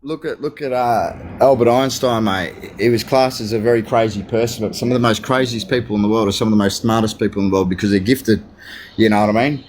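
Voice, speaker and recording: A man's voice: lowish voice, steady tone, quick pace, darkish tone, slight background noise. An Australian man chatting casually as host, full of slang, calling people "mate" and asking "you know what I mean". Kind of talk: casual chat.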